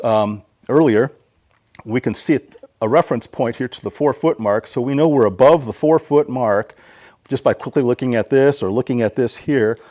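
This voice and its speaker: A man's voice: mid-range voice, a little mellow, no echo. A man hosting his own DIY channel who gives a patient, plain-spoken how-to explanation. He often stammers and restarts his sentences.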